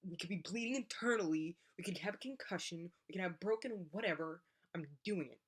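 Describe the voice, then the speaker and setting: A woman's voice: on the low side, brisk, husky. A young woman, a college athlete, telling a personal story in a casual vlog and acting out the voices of the people in it. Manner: animated, acts out voices in her story.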